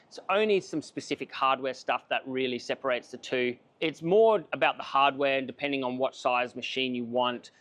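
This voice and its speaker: A man's voice: mid-range voice, a bit bright. A man giving a casual, enthusiastic coffee machine review to camera, chatty and self-mocking.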